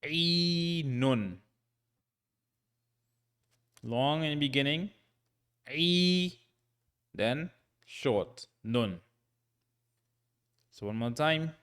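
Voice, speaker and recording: A man teaching a recorded Quran reading lesson, patient and checking in often, sounding out syllables slowly and repeating them. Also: medium pitch, fairly bright tone. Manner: slow, patient, frequent "right?" check-ins.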